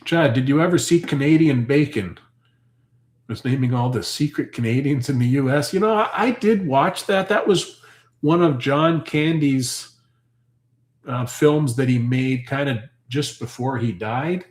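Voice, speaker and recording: Male farm-channel host, loose and chatty, mid-pitched, echoey room sound. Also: a little slow. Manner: rambling, chatty, thinks aloud with fillers. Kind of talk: casual live chat answering viewer comments.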